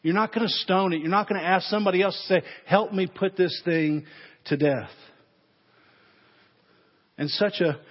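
An earnest male pastor preaching to his congregation, pressing them with direct, searching questions. His voice sits a little high for a man and carries a long church reverb, with a dull, muffled recording. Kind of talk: sermon.

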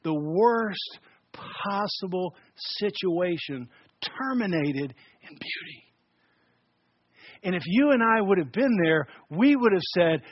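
A man preaching a sermon as pastor, emphatic, dropping loud and soft and repeating words as he builds points. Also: high voice, expressive, unhurried, no echo, muffled recording.

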